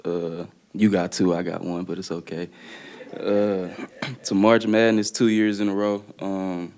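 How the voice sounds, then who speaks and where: A young man from the Dallas area reads a prepared statement at a press conference. His voice is deep, smooth and clean, and he delivers it in an even, level tone. He speaks earnestly and fills pauses with uhs and ums. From Dallas area, Texas. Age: young adult. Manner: plain, earnest delivery with frequent "uh" and "um". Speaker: college basketball player.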